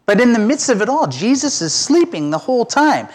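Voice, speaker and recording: A man's voice: extremely high pitch, very animated, a little fast, breathy edge. A middle-aged man giving a conversational, self-deprecating sermon as pastor.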